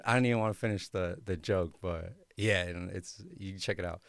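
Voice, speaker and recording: Laid-back young man, low smooth voice. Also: steady tone, normal speed, no room sound. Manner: laid-back, slangy, many fillers. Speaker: podcast host. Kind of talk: casual personal storytelling.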